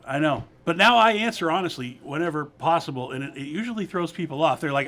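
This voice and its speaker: A man working as the show's producer joins the host for a casual chat. He speaks in a low-key, candid way, and his voice sits fairly high for a man. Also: lively intonation, fast, a bit bright. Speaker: show producer.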